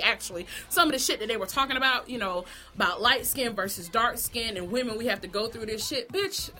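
A woman's voice: fairly high pitch, sharp tone. A woman vlogger giving a blunt, profane, sassy opinion monologue about a TV show, laughing often.

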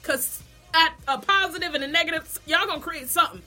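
A woman's voice: high voice, sing-song, fast talker, sharp tone, faint music behind. A woman vlogger giving a blunt, profane, sassy opinion monologue about a TV show, laughing often.

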